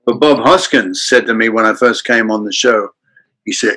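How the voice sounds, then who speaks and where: An older man from Australia, a guest actor telling anecdotes in an animated way and acting out the voices in his stories. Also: on the low side, moderate pace, rough recording. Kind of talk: anecdotal storytelling in a chat.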